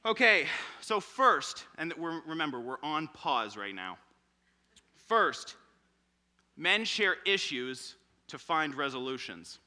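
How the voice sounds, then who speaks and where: Slow and a little high, this twenty-something man's voice carries a church sermon full of animated stories. He performs the quotes with energy as he goes.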